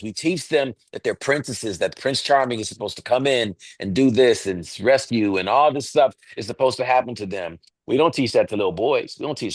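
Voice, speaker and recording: A man's voice: medium pitch, no room sound. A man in his thirties, earnest and emphatic, talking as a podcast co-host. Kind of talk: casual podcast talk.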